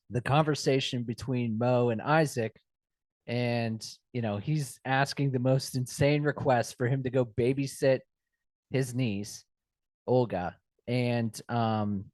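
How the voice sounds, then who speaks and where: A man co-hosting a podcast, talking through a film in casual chat, chatty and self-deprecating and quick to laugh. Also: mid-range voice, dry recording, clean studio sound. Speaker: podcast co-host.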